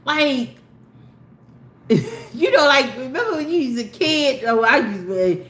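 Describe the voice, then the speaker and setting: A woman hosting a casual celebrity gossip commentary, animated and opinionated, with slangy talk that swings between low asides and loud exclamations. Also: slow pace. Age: older. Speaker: commentary host. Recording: echoey room with faint ambient noise.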